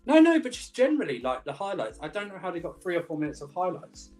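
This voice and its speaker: Rozgadany mężczyzna z muzyką w tle. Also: male voice, high-pitched, huge pitch swings, fast, a little mellow, faint music behind. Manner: rambling, restarts, playful banter. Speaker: football podcast co-host. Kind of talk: casual live chat.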